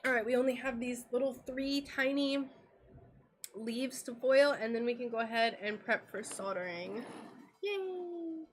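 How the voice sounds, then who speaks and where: A woman's voice: fairly high pitch, steady tone, moderate pace. A woman with an American accent chatting casually to viewers while doing stained glass on a livestream, giggly and full of fillers.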